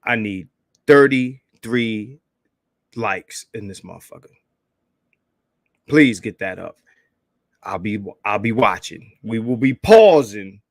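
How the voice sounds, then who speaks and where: A man hosting a casual livestream, hyped and profane, calling out shout-outs to viewers and begging for likes. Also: lowish voice, animated, slow, pauses often, no echo, studio quality. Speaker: livestream host.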